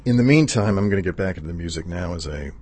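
A man hosting a radio show, chatting casually between songs in a halting way, stammering and restarting with many fillers, into a studio microphone. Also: low voice, expressive, darkish tone, a little hiss or hum. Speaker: radio DJ host.

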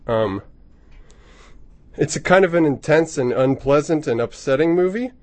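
A man working as a radio DJ in a studio, chatting casually and excitably between songs, rambling with lots of ums. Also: fairly high pitch, moderate pace, no echo. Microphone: studio microphone.

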